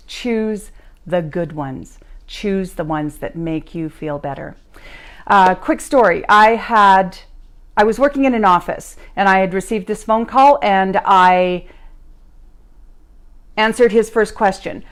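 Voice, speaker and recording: A woman's voice: mid-range voice, a little slow. A woman hosting a motivational live stream who tells personal stories and repeats her key phrases for emphasis. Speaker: podcast host and life coach. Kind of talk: motivational talk, storytelling. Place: live stream recorded at home.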